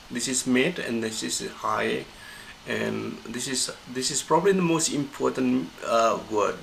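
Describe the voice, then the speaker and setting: Guy explaining intonation, super gravelly voice, lots of uhs and restarts, faint hum behind. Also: medium pitch, a bit bright, poor audio. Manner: halting, many fillers and restarts. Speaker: pronunciation teacher. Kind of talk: screen-recorded lecture.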